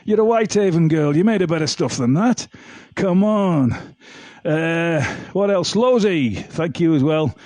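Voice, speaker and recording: This livestream singer and host has a slightly high, animated, slightly mellow voice and speaks a little slowly. He chats casually, reads viewer comments, and sings from a home setup with a laptop and phone. The sound has no echo, with faint backing music.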